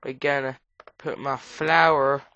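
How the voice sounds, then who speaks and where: A woman with a cold gives rambling casual commentary while playing a game, breaking into sudden high squeals. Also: fairly even intonation, measured pace, a bit bright. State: has a cold. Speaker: gamer. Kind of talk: casual let's play commentary. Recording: dull lo-fi recording.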